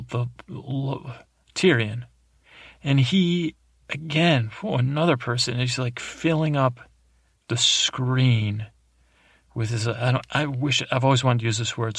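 A man's voice: medium pitch, fairly bright tone, no room sound, studio quality. A man hosting a sleep podcast, rambling and meandering through an episode recap with drowsy, self-deprecating asides. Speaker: podcast host.

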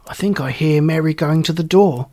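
A man's voice: fairly high pitch, a little fast, darkish tone, close to an everyday voice. A man voicing a romantic, self-admiring young woman in a storybook reading, speaking in an earnest, exclamatory way.

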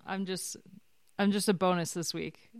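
A woman guest on a podcast, chatting casually and excitably, laughing often. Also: fairly low pitch, moderate pace, no room sound, clean studio sound. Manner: animated, excitable, frequent laughs.

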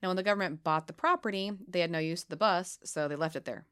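A woman co-hosting a casual podcast, reading spooky legends aloud in a playful, giggly way with dramatic pauses. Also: lowish voice, a bit bright, smooth. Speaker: podcast co-host.

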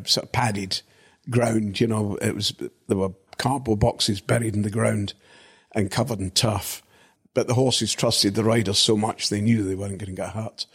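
Here a husky, fairly low-voiced older Briton, a guest actor, shares stories about working in film. He wanders as he talks, relying on "you know" to stay on track.

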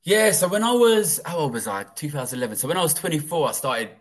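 A man's voice: fairly high pitch, sing-song, fast talker. Candid man telling his story. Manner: rambling, frequent swearing and fillers. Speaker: guest, former trader.

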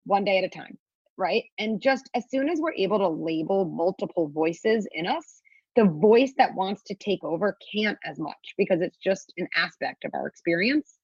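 A woman's voice: mid-range voice, animated, moderate pace, darkish tone, slightly rough, no echo. A woman on a podcast explaining parenting ideas in an earnest, coaching way, sometimes acting out a child's inner voice in a sing-song. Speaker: parenting guest expert. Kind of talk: podcast interview talk. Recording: dull, dry podcast audio.

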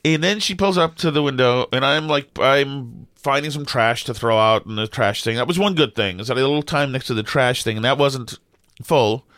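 A middle-aged man, co-hosting a podcast and telling a story in an animated, exasperated way with lots of restarts. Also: medium pitch, fairly quick, no echo, clean studio sound. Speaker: podcast co-host. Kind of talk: casual storytelling chat.

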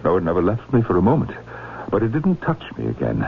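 A frightened professor stammers and pleads, his deep-set voice swinging widely in pitch. The sound is a tinny old radio broadcast with a faint hiss behind it. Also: huge pitch swings, fast talker, creaky, heavily acted. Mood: haunted. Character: frantic, haunted older male professor. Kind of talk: 1970s radio drama acting.

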